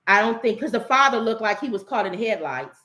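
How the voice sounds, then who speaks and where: A woman's voice: a little high, animated, quick pace, bright, forceful tone. A middle-aged woman co-hosting a family vlog, chatting casually and giving strong opinions. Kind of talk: casual chat.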